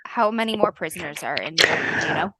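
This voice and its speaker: A woman's voice: sits low, lively intonation, fairly quick, pushed and bright, no room sound, low-quality recording. A woman player in a tabletop game, talking in an eager, playful way. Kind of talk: tabletop role-play chat.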